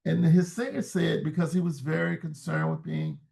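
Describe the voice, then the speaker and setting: Man, interview guest, very gravelly fry, slightly high voice, thoughtful, halting. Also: lively intonation, mellow. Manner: reflective, searching, restarts words mid-thought. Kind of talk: casual interview talk.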